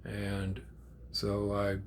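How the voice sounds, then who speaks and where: An older man, a grandfather, telling a story in a casual, animated way, with swearing and acted-out quotes. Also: on the low side, drawn-out words, a little hiss or hum. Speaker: channel host.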